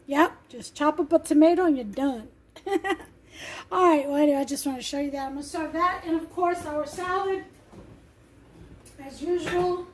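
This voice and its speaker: A woman's voice: sits high, normal speed. A woman hosting a home cooking vlog, chatting casually in her kitchen, rambling and laughing often.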